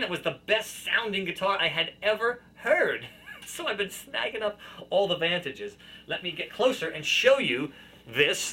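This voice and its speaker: Playful guy hosting his own vidcast, high voice, bouncy and animated, camera mic. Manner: playful, self-amused, chatty. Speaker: video podcast host. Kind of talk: casual chat to camera. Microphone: built-in camera mic.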